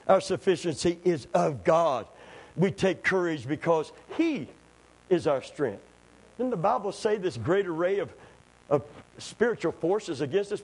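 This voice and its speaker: A man preaching a sermon in a church, calling for amens and rising to shouted emphasis. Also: fairly high pitch, low-quality recording. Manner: call-and-response, climbs to shouted emphasis.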